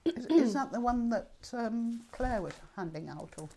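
A woman's voice: a little high, animated, moderate pace, dark tone, husky. An older woman chatting in an interview, telling anecdotes and laughing often. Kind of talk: casual conversation. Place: home in Perthshire countryside.

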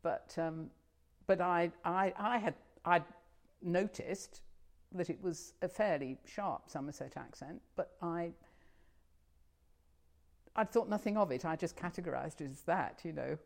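Low-voiced older woman reminiscing. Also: measured pace, creaky. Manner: chatty, rambling with many restarts and fillers. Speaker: interviewee. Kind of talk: oral history interview.

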